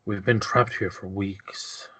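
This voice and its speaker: Haggard noble lord in a tabletop game, stammering, played by a man, low-ish. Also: sing-song, slow pace, breathy edge, heavily acted, rough recording. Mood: shaken. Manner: stammering, trembling. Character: shaken, weary nobleman trapped for weeks.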